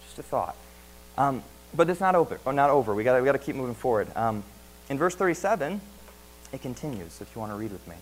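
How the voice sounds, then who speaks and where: A man's voice: medium pitch, very animated, fast, slight background noise, poor audio. A man preaching a sermon in an earnest way, asking many rhetorical questions and often repeating words.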